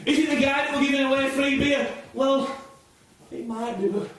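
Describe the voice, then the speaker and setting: A man's voice: very high-pitched, steady tone, a little fast, fairly bright tone, slight background noise. A man performing a theatrical solo monologue, musing aloud in an exasperated way, heard from a distance in an echoey room.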